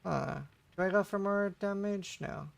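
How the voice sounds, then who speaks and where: Gravelly man streaming a game. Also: high-pitched, a little slow. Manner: relaxed, chatty, answers chat between plays. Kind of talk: casual live-stream commentary.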